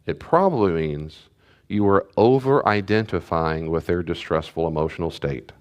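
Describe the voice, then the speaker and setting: Here a middle-aged pastor talks to church parents in a low-pitched voice at a moderate pace. The teaching feels like a conversation, with repeated key phrases and voices he puts on for parent and child.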